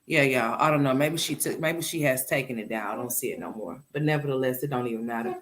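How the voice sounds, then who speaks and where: A woman streamer giving blunt, profane reaction commentary, talking straight to her live chat and swinging between loud and quiet. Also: a bass voice, quick pace.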